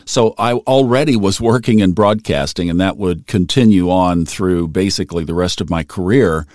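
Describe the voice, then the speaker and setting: Middle-aged man, low-pitched, earnest reflective storyteller, dry close sound. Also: normal speed, a little mellow, no room sound. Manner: earnest, conversational, emotional at times. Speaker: storyteller recalling his career.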